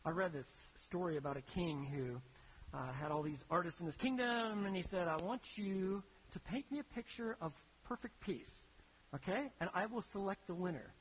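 A preacher telling stories in a sermon, in an animated, conversational way that builds to emphatic peaks. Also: medium pitch, breathy edge, low-quality recording. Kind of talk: sermon storytelling.

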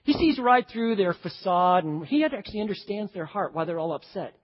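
Male pastor, animated storyteller, slightly husky, long hall reverb. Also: sits high, brisk. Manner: animated storytelling, acting out voices. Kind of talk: sermon. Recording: dull echoey hall.

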